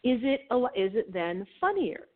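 A woman's voice: fairly high pitch, big pitch swings, moderate pace. A woman from Minnesota co-hosting a podcast, reflective and conversational, who trails off and restarts as she thinks aloud. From Minnesota, USA. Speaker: podcast co-host. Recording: tinny phone-like audio.

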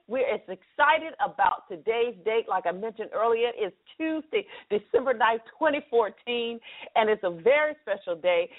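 Upbeat woman radio host, phone-line sound. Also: fairly high pitch. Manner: upbeat, chatty, promotional. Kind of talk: live talk radio monologue. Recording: phone-like narrow band radio audio.

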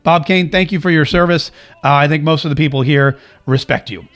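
A man's voice: fairly high pitch, brisk, fairly bright tone. A man hosting a casual political commentary show from home, reading out viewer comments with sarcastic, rambling asides. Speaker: show host.

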